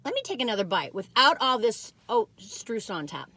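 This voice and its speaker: A woman's voice: fairly high pitch, very animated, fairly quick, pushed and bright, breathy edge, no echo. A woman in her sixties chatting casually as a cookie review vlogger, exuberant and rambling, breaking into whoops and laughter as she talks straight to her viewers. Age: 60s. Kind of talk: casual chat.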